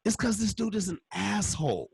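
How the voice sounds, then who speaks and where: A man's voice: sits high, very animated, moderate pace, gravelly, slightly rough, no echo, rough recording. A man doing a stand-up comedy set, ranting in a loose, profane way with constant curse words.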